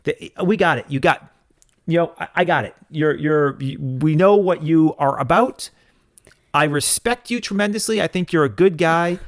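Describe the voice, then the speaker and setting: A man's voice: on the high side, moderate pace. A man co-hosting a podcast, in casual chat, ranting in an emphatic, mock-stern way. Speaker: podcast co-host.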